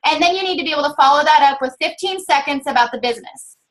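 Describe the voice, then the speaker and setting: A woman with a Southern US accent co-hosting a casual chat, earnestly coaching others on how to pitch a business. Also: very fast, fairly bright tone, rough recording. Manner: earnest, coaching, many fillers. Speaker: network marketing co-host.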